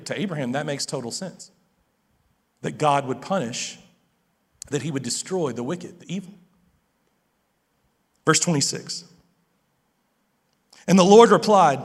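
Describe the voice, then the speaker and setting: A man preaching a sermon as pastor, lively and animated, often stammering and restarting his phrases. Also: medium pitch, long reverb tail.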